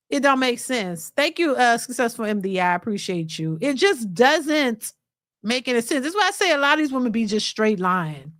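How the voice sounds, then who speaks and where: Brief: high-pitched woman host, blunt and lecturing, close dry sound. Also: very animated, normal speed, fairly bright tone, dry recording. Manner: blunt and emphatic, lecturing the viewers; mocks others by quoting them in a put-on voice. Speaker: reaction channel host. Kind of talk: casual commentary to a live chat.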